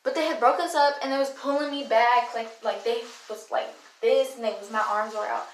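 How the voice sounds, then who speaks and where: A woman's voice: fairly high pitch, steady tone, normal speed, a little hiss or hum. A young woman vlogger telling a story in a casual, blunt, slangy way, full of swearing. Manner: blunt, profane, slangy retelling. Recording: echoey room.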